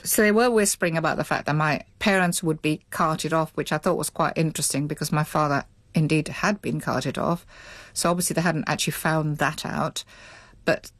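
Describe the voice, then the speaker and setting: A woman's voice: low-pitched, fairly quick, a bit bright, dry recording. A middle-aged woman, interviewed, recalling her childhood in a reflective, hesitant way with many restarts. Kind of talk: reflective recollection.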